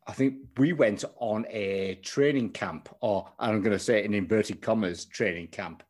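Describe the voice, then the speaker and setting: A low, husky male voice, hosting a relaxed podcast over a video call. He chats loosely, jokes with his guest and laughs easily. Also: moderate pace. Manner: chatty, laughing, banters with guest. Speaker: podcast host. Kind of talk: casual podcast interview.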